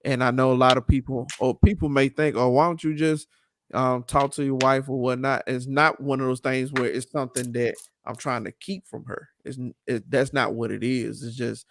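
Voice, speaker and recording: A man's voice: mid-range voice, steady tone, normal speed, gravelly, a little hiss or hum. A man in his thirties co-hosting a casual talk show, reflective and easygoing, laughing often. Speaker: podcast co-host. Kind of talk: casual chat.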